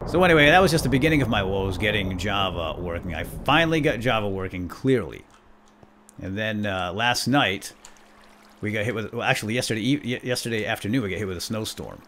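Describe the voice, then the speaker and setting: A man's voice: on the low side, very animated, moderate pace, fairly bright tone, soft background music. A man hosting a let's play video, giving casual, jokey commentary with frequent exclamations and laughs.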